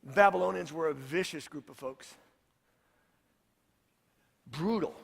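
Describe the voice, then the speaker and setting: A man's voice: fairly high pitch, takes it slowly, creaky, breathy edge, long reverb tail. A man, a pastor, preaching a sermon in a storytelling way and repeating his points for emphasis.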